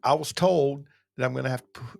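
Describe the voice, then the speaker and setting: A man's voice: mid-range voice, fast talker, creaky, a little mellow, dry recording. A middle-aged man from Georgia with a Southern accent, talking casually to camera as a channel host, rambling with fillers and restarts. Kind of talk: casual motivational talk to camera.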